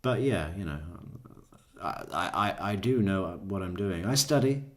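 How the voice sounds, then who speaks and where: A man with a fairly low voice hosts a casual true crime commentary. He jokes and laughs often and trips over repeated words as he talks. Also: lively intonation, measured pace.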